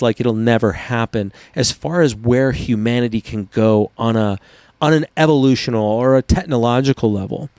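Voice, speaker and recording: A man hosting a casual podcast, telling stories in an animated, profane way. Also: medium pitch, dry recording. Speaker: podcast host. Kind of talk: casual chat.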